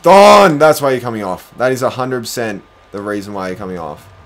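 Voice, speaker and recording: A young man streaming a basketball video game, commenting live, groaning at his own mistakes and bursting into shouts. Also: fairly low pitch, fast talker. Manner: excitable, groaning, self-deprecating, bursts into shouts. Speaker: gaming streamer.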